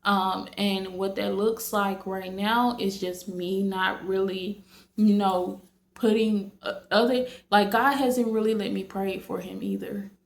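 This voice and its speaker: A woman's voice: mid-range voice, fairly even intonation, slow, gravelly. A woman vlogging casually to her viewers late at night, rambling with many fillers and restarts. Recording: echoey room.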